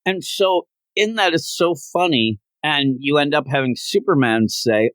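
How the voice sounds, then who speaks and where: A man's voice: a little high, no echo. A man co-hosting a comic book podcast, retelling scenes in a casual chat and acting out the characters' lines. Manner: animated, acts out characters' lines in quick voices. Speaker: podcast co-host.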